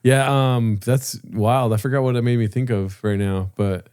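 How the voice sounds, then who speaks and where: A man's voice: medium pitch, steady tone, moderate pace, a little mellow, smooth, dry recording, studio quality. A young man co-hosting a podcast, telling casual stories and laughing often. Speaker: podcast co-host. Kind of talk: casual comedic chat.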